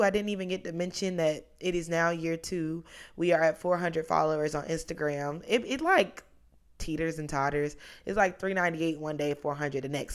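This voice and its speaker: Woman in her twenties, lower voice, hosting a podcast alone, loose and chatty with tangents. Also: clean tone. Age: 20s. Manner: chatty, rambling, goes off on tangents. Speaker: podcast host. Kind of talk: casual solo podcast monologue.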